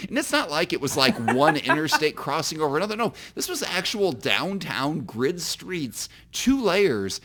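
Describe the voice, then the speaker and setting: A man's voice: a little high, big pitch swings, moderate pace, hardly any pauses, a bit bright. Self-deprecating man telling a rambling story. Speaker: podcast co-host and author. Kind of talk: casual comedic podcast storytelling.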